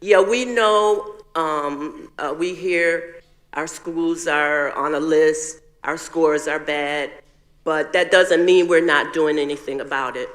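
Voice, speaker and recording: A man's voice: on the high side, slow, fairly bright tone, in a large hall. An older man on a school board, speaking plainly and sincerely to the audience at a public meeting.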